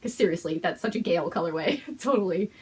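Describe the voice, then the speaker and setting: A woman hosting a knitting podcast, showing things on camera in a gushing, excited chat, with frequent gasps and whispered exclamations. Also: lowish voice, brisk, breathy edge. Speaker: host of a knitting and fiber podcast. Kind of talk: excited casual show-and-tell chat.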